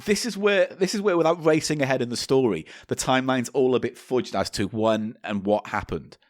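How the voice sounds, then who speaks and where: A man's voice: mid-range voice, fairly quick, no echo, clean studio sound. A man co-hosting a comedy podcast, telling a story and reading articles aloud, sometimes stumbling over words. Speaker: podcast co-host.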